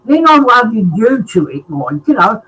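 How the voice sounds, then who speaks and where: High-voiced rambling man. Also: sing-song, measured pace, sharp tone, slightly rough, rough recording. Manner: rambling with many fillers. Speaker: chat guest. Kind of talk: casual live-stream chat.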